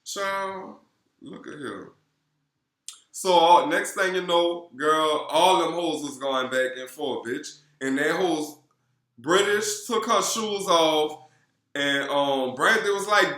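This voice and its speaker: A man with a New Orleans accent doing a casual, profane gossip recap of a reality show, sassy and animated. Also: fairly high pitch, takes it slowly. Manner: sassy, animated, swears constantly, calls viewers girl. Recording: roomy echo.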